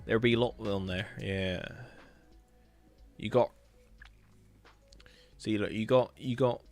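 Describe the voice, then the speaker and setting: A man's voice: fairly low pitch, steady tone, slow pace, faint music behind. A young man with a Hampshire accent, chatting casually and rambling as he reviews viewers' builds on a live stream, repeating his words as he goes. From England.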